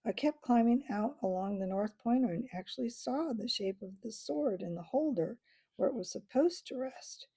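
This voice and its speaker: A plucky mother squirrel, as a woman puts her on, breathless and candid, pitched a little higher than the reader. Her tone stays husky and gravelly. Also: expressive, normal speed, mellow. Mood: weary.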